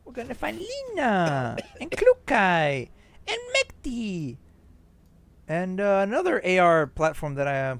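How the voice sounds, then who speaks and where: A man streaming a game, casually reading cutscene dialogue aloud and tossing in quick asides. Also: medium pitch, creaky, dry recording. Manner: reads cutscene lines aloud and reacts with quick asides and laughs.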